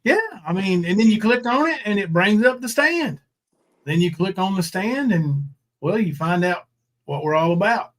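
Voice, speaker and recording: A man's voice: high voice, expressive, moderate pace, fairly bright tone. A man hosting a livestream, talking in a rambling, sarcastic, coarse way. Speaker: livestream host. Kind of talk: casual livestream commentary.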